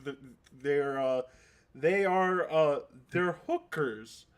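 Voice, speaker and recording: A man's voice: a little high, slow pace, clear, resonant tone. A man running a tabletop role-playing game, narrating in a rambling, joking way with many fillers. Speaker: game master.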